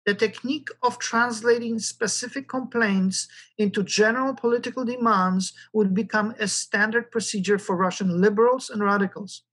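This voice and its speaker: A history lecturer giving a recorded lecture, talking in a halting way with frequent fillers. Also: medium pitch, steady tone, fairly bright tone, poor audio.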